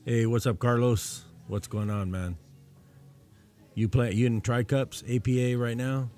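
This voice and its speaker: A man's voice: mid-range voice, steady tone, measured pace, a little mellow, faint music behind. A man co-commentating a pool match live, easygoing and mostly agreeing with his partner.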